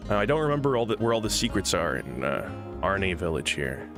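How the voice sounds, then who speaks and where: A man's voice: fairly low pitch, gravelly. A man streaming a game live, chatting casually and rambling, often restarting his sentences. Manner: rambling, chatty, self-interrupting. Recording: game music behind.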